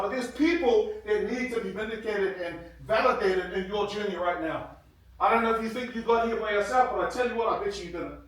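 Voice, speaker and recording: A man's voice: sits high, fairly bright tone. Man in his 50s, earnest motivational speaker; sound is distant from the mic in a very reverberant hall. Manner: earnest storytelling, grows emotional. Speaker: guest speaker, former rugby player. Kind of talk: motivational speech to students. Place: large hall with an audience. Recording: very echoey hall, heard from afar.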